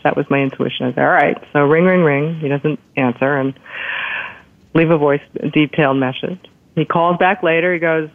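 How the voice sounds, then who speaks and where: A woman's voice: sits low, moderate pace, dry recording. Woman telling her own story on a phone line, dry tinny sound, acts out the quotes. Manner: lively retelling, acts out quoted doctors. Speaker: guest telling a personal story. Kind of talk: casual storytelling.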